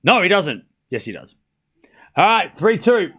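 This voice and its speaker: A man's voice: sits high, sing-song, unhurried, fairly bright tone, breathy edge. A young man casually calling a live tennis match for a stream audience, chatty and self-mocking, stumbling over player names. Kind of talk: casual play-by-play watchalong commentary.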